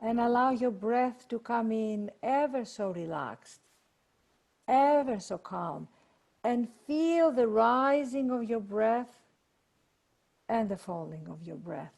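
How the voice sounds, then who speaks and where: A woman leading a guided meditation and prayer over a video call, speaking in a slow, soothing way. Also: fairly high pitch, expressive, creaky, darkish tone. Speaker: workshop leader.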